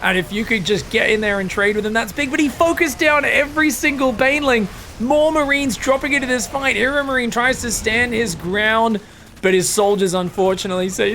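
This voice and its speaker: A young man casting a strategy game match alone, excitable and crude, swearing freely and joking between plays. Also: extremely high pitch, fairly quick, a little hiss or hum. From Australia. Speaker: esports caster. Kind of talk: solo game commentary.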